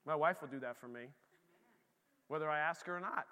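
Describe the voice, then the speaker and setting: A man preaching a casual sermon as pastor, animated and talking straight to the congregation. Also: fairly high pitch, a little fast, in a large hall.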